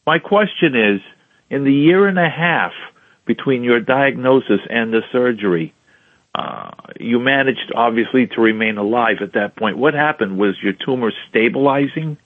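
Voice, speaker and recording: A man's voice: medium pitch, lively intonation, moderate pace, dry recording. A man hosting a radio interview, asking polite follow-up questions. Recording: tinny phone-like radio audio.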